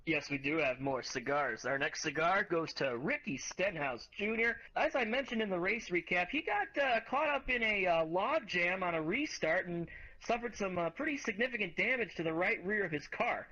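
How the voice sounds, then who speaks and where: Lively, bright-voiced podcast co-host. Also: male voice, sits high, normal speed, highs cut off. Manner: enthusiastic, rambling recaps with fillers. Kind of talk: casual sports podcast chat.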